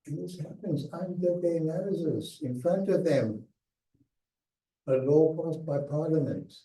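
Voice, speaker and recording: An older man recounting his own past in a slow, emphatic talk with hushed pauses, heard from a distance in an echoey lecture hall. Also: a little high. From South Africa. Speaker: guest speaker. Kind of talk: personal memoir talk.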